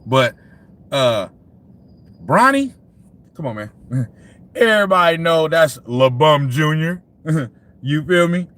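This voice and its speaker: A man hosts a casual sports livestream in a slightly high voice that swings widely up and down. He swears freely, laughs often and speaks straight to his chat. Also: animated, takes it slowly, pauses often, a bit bright. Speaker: sports talk livestream host. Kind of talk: casual profane livestream rant.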